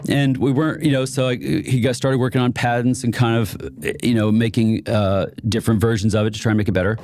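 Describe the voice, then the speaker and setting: A man's voice: mid-range voice, fairly even intonation, brisk, a little mellow, soft background music. A man being interviewed as an inventor and investor, telling stories casually and laughing often between phrases. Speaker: inventor and venture capitalist guest.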